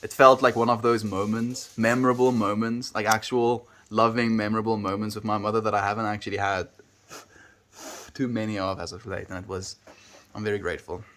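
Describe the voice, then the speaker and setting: A man with a South African accent, chatting casually with viewers on a livestream from home, relaxed and playful with how words sound. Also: on the low side, brisk.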